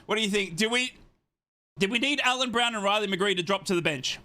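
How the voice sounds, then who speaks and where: Upbeat, bright-voiced male streamer host. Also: high voice, a little fast. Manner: upbeat, greets viewers by name, chatty. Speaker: host of a football watchalong stream. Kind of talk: live stream chat, reading lineups and viewer messages.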